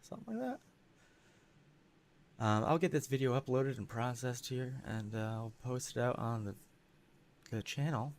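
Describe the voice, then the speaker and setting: A man chats casually off the cuff, rambling and hedging as he goes. His pitch moves around in a lively way, with faint noise in the background. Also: moderate pace, pauses often. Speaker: channel host. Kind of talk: casual chat.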